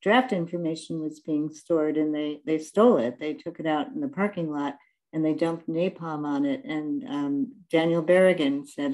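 A woman moderating a panel, speaking in a reflective, measured way. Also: low voice, warm tone, low-quality recording. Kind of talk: panel talk.

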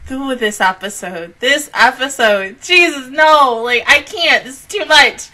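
A woman's voice: high voice, animated, unhurried, hardly any pauses. Cursing, emotional woman reacting to anime. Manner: swears a lot, laughs and cries out, then reflects quietly. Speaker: anime reaction channel host.

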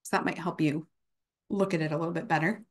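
Talking fast in a low, steady voice, a young woman delivers a relaxed university guest lecture. Her speech is full of fillers, and she occasionally performs examples of speech errors.

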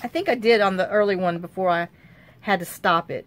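A woman hosting a casual crafting tutorial. She thinks aloud in a rambling, chatty way and often drops into quiet muttering to herself as she works. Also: mid-range voice, fairly quick. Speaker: crafting channel host.

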